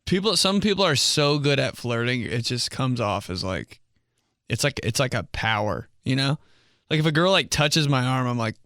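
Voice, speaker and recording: A young man tells comic stories in a loose, rambling monologue. His pitch leaps and swoops all over as he talks, and he keeps laughing at his own jokes. The sound is dry and close, with no room echo. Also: very animated, normal speed, fairly bright tone. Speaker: comedian. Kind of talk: casual comedic storytelling monologue.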